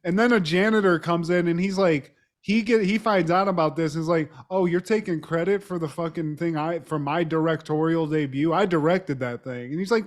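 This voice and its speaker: A man's voice: on the high side, brisk, few pauses. A man co-hosting a podcast, casually recapping a TV episode with frequent laughter. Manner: laughs often, addresses co-host by name. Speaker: podcast co-host.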